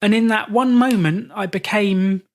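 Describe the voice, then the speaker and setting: A British man, a podcast host, telling stories in a relaxed interview and acting out the voices of people he quotes. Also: sits high, measured pace. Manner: animated, acts out quoted voices. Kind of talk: storytelling in casual conversation.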